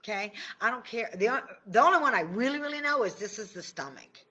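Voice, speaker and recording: A woman's voice: medium pitch, animated, fast, sharp tone. A middle-aged woman from Indiana talking casually on a livestream as a tapping coach, chatty and joking, often cutting herself off mid-sentence. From Indiana, USA. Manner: chatty, joking, self-interrupting. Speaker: tapping and law of attraction coach.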